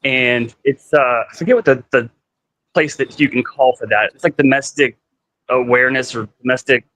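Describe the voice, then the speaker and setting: This guest is a man whose mid-range voice sounds bright and forceful, with fairly even intonation and a normal pace, though the audio is poor. Chatting casually, he tells rambling stories packed with "like" and acts out quoted dialogue.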